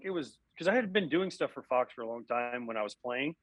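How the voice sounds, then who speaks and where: A man, a former baseball catcher and broadcast analyst, telling animated stories from his playing days in a casual interview, often acting out what people said. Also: fairly high pitch, normal speed, no echo, poor audio. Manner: animated, acts out quotes.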